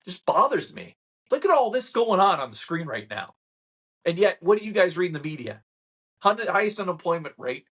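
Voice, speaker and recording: A man with a husky, slightly rough voice talks straight to camera about his local market. He rants with sarcastic mock quotes and builds up heat as he goes. His delivery stays casual and unscripted. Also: sits high, big pitch swings, moderate pace, a bit bright. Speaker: real estate channel host.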